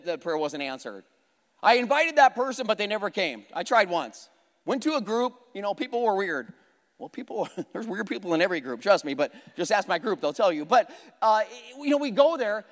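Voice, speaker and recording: A man preaching a sermon in a church, conversational and animated, repeating phrases for emphasis and joking at his own expense. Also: high voice. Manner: conversational with self-deprecating humor. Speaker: pastor. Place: church hall. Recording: long hall reverb.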